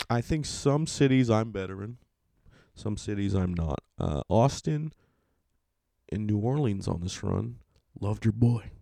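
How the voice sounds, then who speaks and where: A man's voice: mid-range voice, creaky, darkish tone, no echo, clean studio sound. A young adult man from California, a stand-up comedian telling rambling, profane tour stories in a casual podcast monologue. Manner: profane, rambling, self-mocking.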